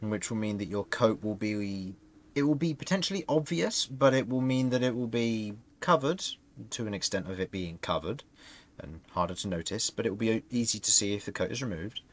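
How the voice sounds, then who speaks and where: A man's voice: fairly low pitch, lively intonation, brisk. A man narrating a tabletop game as game master, describing scenes and often laughing.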